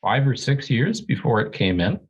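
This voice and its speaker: A man's voice: medium pitch, very animated, moderate pace, husky, muffled recording. Heated, ranting man on a podcast. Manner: heated, ranting, blunt and profane. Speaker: real estate agent and podcast co-host. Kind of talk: casual podcast chat. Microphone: studio podcast microphone.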